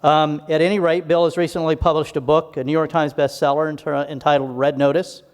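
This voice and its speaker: A man with a somewhat high-pitched voice introduces a guest at a live talk. He reads through the biography in measured, formal phrases and slips in warm personal asides. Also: level tone. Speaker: event host introducing a speaker. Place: event hall.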